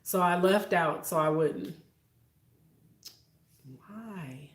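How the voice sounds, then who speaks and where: A woman's voice: lowish voice, fairly even intonation, unhurried, echoey room, a little hiss or hum. Heartfelt woman chatting on a livestream. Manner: chatty and heartfelt, talks straight to viewers as y'all. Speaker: livestream host. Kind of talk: casual live-stream chat with viewers.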